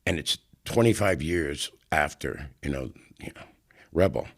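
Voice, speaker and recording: Sixties male guest, low voice, rambling anecdotal storyteller full of "you know"s. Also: measured pace. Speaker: guest actor.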